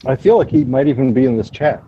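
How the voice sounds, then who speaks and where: Brief: calm, even-voiced man explaining things over a noisy, dull voice chat line. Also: mid-range voice. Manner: measured, explanatory, teasing. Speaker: gaming lobby player. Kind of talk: casual gaming voice chat.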